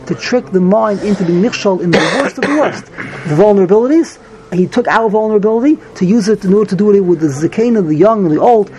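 A man giving a Talmud class, reading Hebrew phrases and explaining them quickly in English with many restarts. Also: high-pitched, expressive, warm tone, slight background noise, rough recording. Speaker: Talmud teacher.

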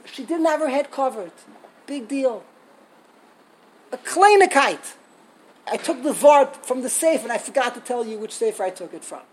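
A woman giving a storytelling Torah lesson, animated, acting out quotes and laughing as she tells it. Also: high voice, normal speed, pauses often, husky, rough recording. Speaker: Torah teacher.

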